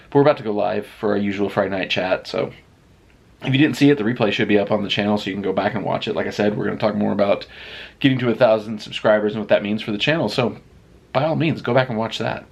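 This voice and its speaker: A vlogger and live streamer chats casually in a rambling, self-deprecating vlog style. His voice is fairly low, husky, and fast, with vocal fry.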